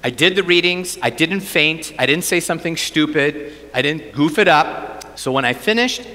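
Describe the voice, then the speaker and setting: A priest giving an animated storytelling sermon at a parish mission and acting out his own thoughts. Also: fairly high pitch, moderate pace, big-room sound. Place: church.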